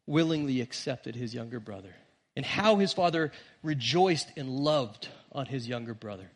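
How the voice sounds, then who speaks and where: Earnest male pastor preaching. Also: a little high. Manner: earnest preaching, rising on emphasis, dropping softly at phrase ends. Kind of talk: sermon.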